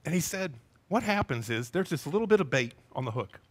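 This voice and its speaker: A male pastor giving a sermon in a church, animated as he acts out scenes with voices and sound effects. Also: a little high, brisk, breathy edge. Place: church sanctuary with a congregation.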